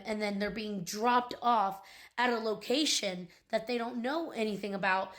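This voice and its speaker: A young adult woman, a mother, venting in an angry vlog rant, upset and indignant about her children's school. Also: a little high. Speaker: parent.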